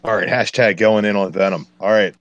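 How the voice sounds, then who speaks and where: A man with a very deep, low-pitched voice ranting through a movie review, blunt, exasperated and profane. The sound is dry and close, with no room around it. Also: fairly even intonation, a little fast, no room sound, highs cut off. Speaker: podcast co-host.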